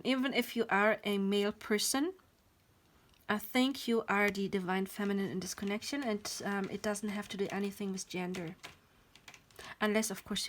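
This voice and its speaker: A woman with a mid-range voice leads a pick-a-card tarot reading in a loose, rambling way. She apologizes often as she talks through spiritual themes, and she sometimes sinks into a soft whisper. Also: medium pitch, a little hiss or hum. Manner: drops to a whisper now and then.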